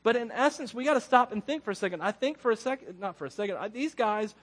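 A man's voice: high-pitched, animated, fast, fairly bright tone. A man preaching a casual, conversational sermon as a pastor, rambling through personal stories and chuckling often.

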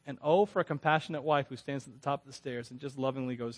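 A man's voice: mid-range voice, fast talker, few pauses. A man giving a conversational sermon, candid and self-deprecating, often laughing between phrases and restarting words when earnest. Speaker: preacher.

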